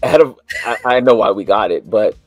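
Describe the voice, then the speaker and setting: A man's voice: lowish voice, fairly quick, no echo, soft background music. A man co-hosting a casual toy talk show, laid-back and a bit hesitant, often restarting his sentences. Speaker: co-host of a toy news show. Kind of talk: casual chat.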